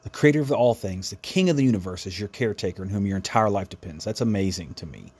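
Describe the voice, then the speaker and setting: A man's voice: fairly low pitch, lively intonation, fast talker, darkish tone, breathy edge. A man hosting a devotional podcast, speaking in an earnest, reflective way with frequent restarts. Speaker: podcast host.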